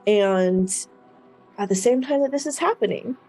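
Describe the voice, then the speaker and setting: Slow, hesitant woman game master. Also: medium pitch, lively intonation, darkish tone, soft background music. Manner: hesitant, many ums. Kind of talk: narrating a tabletop game.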